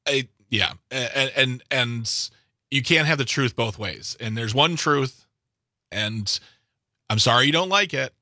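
A man's voice: medium pitch, a little slow, bright, forceful tone, no echo. A man co-hosting a radio talk show, sounding exasperated and sarcastic, often stopping and restarting his sentences in a studio. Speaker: radio co-host. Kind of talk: casual political talk.

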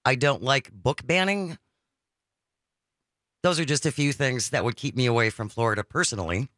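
A woman's voice: rumbling low, moderate pace, a bit bright, no room sound, clean studio sound. A woman hosting a call-in radio show, reading listener texts aloud and taking callers. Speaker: radio talk show host. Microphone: studio microphone.

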